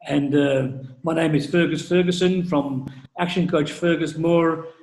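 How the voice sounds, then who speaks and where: Guy hosting, lots of uhs, fairly high voice, roomy echo. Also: steady tone, measured pace, gravelly, darkish tone. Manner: hesitant, many uh fillers, upbeat. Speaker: show host, business coach. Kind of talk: interview hosting.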